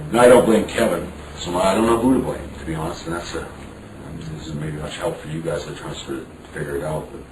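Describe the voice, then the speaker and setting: A man being interviewed, telling a story frankly with some swearing and acting out what others said. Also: extremely low pitch. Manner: frank, profane, acts out dialogue. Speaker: interview guest. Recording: roomy, distant mic, background noise.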